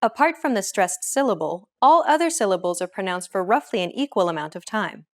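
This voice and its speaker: A woman hosts a language lesson in a calm scripted narration. She explains each point clearly and at a measured pace, with her voice sitting in an ordinary middle range. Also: mid-range voice, a little hiss or hum. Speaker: host.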